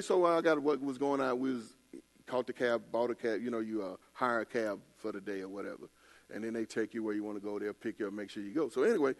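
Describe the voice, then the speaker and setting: Older pastor guy preaching in church, gravelly voice, chatty stories, laughs at himself. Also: medium pitch. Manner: casual storytelling preaching, colloquial, self-laughing asides. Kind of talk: sermon.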